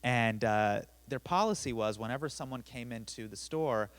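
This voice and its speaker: A man's voice: medium pitch, moderate pace. Young man telling a self-deprecating story. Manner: self-deprecating, animated with sudden loud bursts. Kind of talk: personal storytelling on stage. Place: theater stage.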